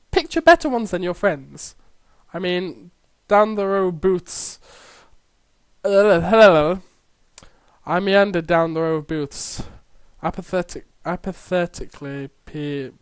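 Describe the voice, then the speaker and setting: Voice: medium pitch, smooth, dry recording. Chatty let's play host, dry close sound. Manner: chatty, quick asides, playful sign-off. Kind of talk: reading a visual novel aloud with commentary.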